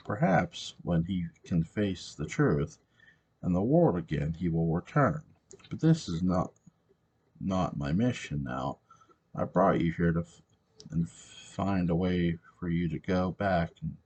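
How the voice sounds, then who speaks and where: Guy reading as a solemn mother talking to her son, deep and slow. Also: animated, darkish tone, breathy edge, dull audio, full character voice.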